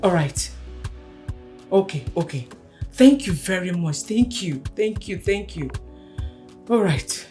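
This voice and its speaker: An actress playing an emotional parent who moves between whispered relief and pleading. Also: female voice, lowish voice, animated, takes it slowly, pauses often, dark tone, faint music behind. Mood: relieved. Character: parent longing for a lost daughter, emotional.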